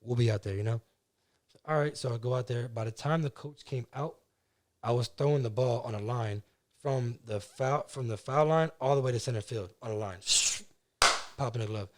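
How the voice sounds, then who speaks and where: A young man with a New Jersey accent tells his story on a podcast. He talks in a loose, slangy way, with "like" in almost every line. His voice sits at an ordinary middle pitch. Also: moderate pace, a little hiss or hum. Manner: animated, slangy, heavy use of "like" and "you know what I mean". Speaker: podcast guest. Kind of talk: casual storytelling.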